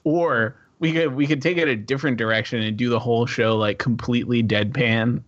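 A man's voice: mid-range voice, fairly even intonation, fairly quick, dull audio. A man chatting in an easygoing, slightly hesitant way in a casual comedic chat.

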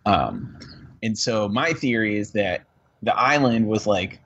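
A man's voice: on the low side, lively intonation, unhurried, fairly bright tone, highs cut off, a little hiss or hum. A man chatting on a podcast, rambling and hedging through his answers with self-deprecating humor. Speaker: podcast co-host. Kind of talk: casual podcast chat.

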